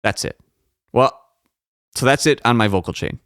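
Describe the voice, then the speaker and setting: A podcast host rambles about his audio gear in a medium-pitched, fairly bright voice at normal speed, cursing freely and cutting himself off. He's recording at home on a close dynamic studio mic, with no room sound.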